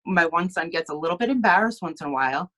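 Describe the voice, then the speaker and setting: A woman speaks in a low, earnest voice as she shares a personal testimony. She halts and restarts, close to tears, live from home over a video call. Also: expressive, pushed and bright. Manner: tearful, earnest, halting. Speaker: team member sharing her story.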